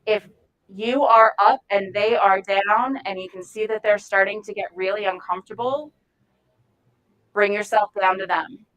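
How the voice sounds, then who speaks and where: A woman's voice: mid-range voice, moderate pace, poor audio. Frank, chatty woman trainer. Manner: frank, animated, chatty with asides and laughs. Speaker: volunteer trainer. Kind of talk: informal training talk.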